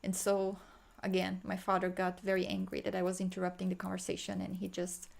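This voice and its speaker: A woman guiding a healing meditation, talking slowly and softly with sighs, sometimes chanting in an invented language. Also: on the low side, completely flat delivery, gravelly. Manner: slow, soft, sighing, breaks into chanted light language. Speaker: spiritual healer.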